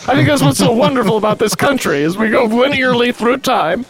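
A man's voice: extremely high pitch, brisk, a crowd in the background, low-quality recording. A man playing a sarcastic, argumentative female news co-anchor in an improvised comedy newscast.

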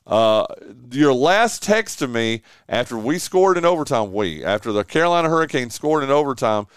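An animated male radio host who banters about hockey with a lot of fillers and restarts. His pitch moves widely, the tone is smooth and resonant, and the sound is dry and close. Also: moderate pace, no echo. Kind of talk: casual sports radio chat. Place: home man cave studio.

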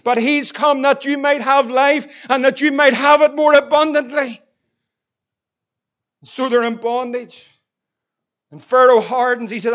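A man preaching an impassioned sermon, swinging between loud and hushed. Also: very high voice, clear, resonant tone, highs cut off. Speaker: pastor.

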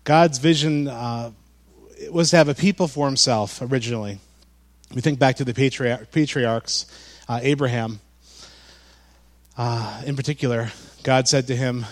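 A pastor delivers his sermon in a relaxed, conversational way, full of fillers and restarts. He has a medium-pitched voice and a measured pace.

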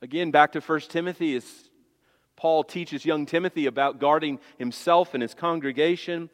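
A man preaching a sermon as pastor, emphatic, swinging between hushed low passages and loud high appeals. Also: fairly even intonation, normal speed, in a large hall.

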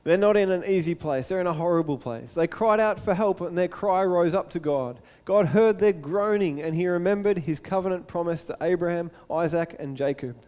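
A man preaching a sermon as a pastor, telling the story in a lively way and acting out the scenes. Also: sits high, moderate pace, few pauses, in a large hall. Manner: animated storytelling, acts out the scene.

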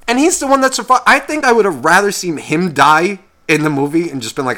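A man's voice: on the high side, sing-song, brisk, few pauses, pushed and bright. A young man co-hosting a podcast, telling a long story in a heated, swearing casual rant. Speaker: podcast co-host.

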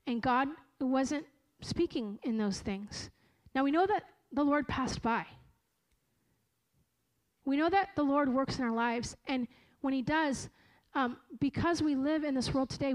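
A woman with a high, light voice preaches a sermon in an earnest and emphatic way. She leans into phrases slowly and often stops to correct herself mid-thought. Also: poor audio. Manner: earnest, slow and emphatic, with frequent self-corrections.

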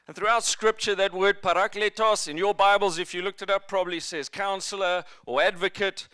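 A man's voice: high-pitched, brisk, smooth, no room sound, clean studio sound. A male pastor preaching a sermon in a church, telling stories and slipping in jokes. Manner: jokey, lively storytelling preacher.

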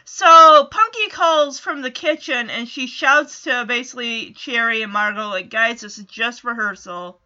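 A woman's voice: on the high side, measured pace, few pauses, pushed and bright, muffled recording. A woman casually recapping a TV episode in a chatty way, full of "kinda" and "like".

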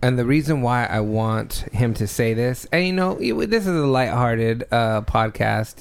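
Smooth-voiced man hosting a podcast. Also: medium pitch, lively intonation, a little slow. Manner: eager, self-deprecating, chuckles. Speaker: podcast host. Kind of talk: casual chat.

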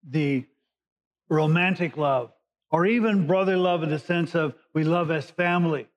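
A man's voice: a little high, normal speed. A male pastor giving a conversational sermon, explaining scripture in everyday words. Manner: conversational Bible teaching, paraphrasing scripture. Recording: dull lo-fi recording.

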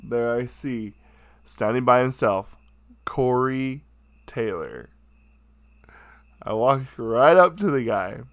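A man's voice: medium pitch, lively intonation, slow pace, long pauses, no echo, clean studio sound. A man telling a casual, self-mocking anecdote from his room at home, chatty and full of fillers. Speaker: storyteller.

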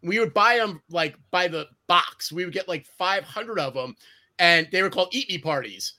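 A man with a high, bright voice tells wild party stories to his friends over a video call. He swears freely, laughs through his own lines and keeps an animated storytelling energy. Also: moderate pace. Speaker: host reminiscing with friends. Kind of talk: casual storytelling chat.

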